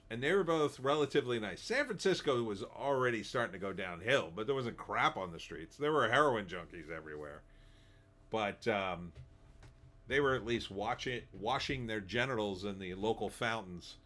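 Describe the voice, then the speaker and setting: A man's voice: mid-range voice, fairly bright tone. A middle-aged man hosting a live stream, reading chat messages and mocking them in sarcastic, laughing commentary. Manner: sarcastic, laughs often, mocking put-on voices. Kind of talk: casual commentary.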